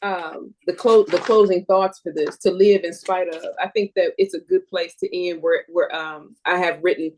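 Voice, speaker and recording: A woman hosting a casual talk, speaking in a halting way with restarts. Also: lowish voice, fairly even intonation, darkish tone. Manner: laughing along, halting with restarts. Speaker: host. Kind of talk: casual chat, then reading closing thoughts.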